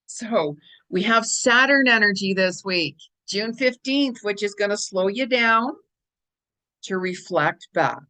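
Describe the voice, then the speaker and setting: A woman talks straight to her viewers in a loose, conversational spiritual forecast. She rambles a little and repeats words for emphasis. Her voice sits at an ordinary middle pitch for a woman. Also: pushed and bright. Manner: chatty, rambling, emphatic repetition. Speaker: spiritual guidance channel host. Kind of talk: casual spiritual forecast monologue.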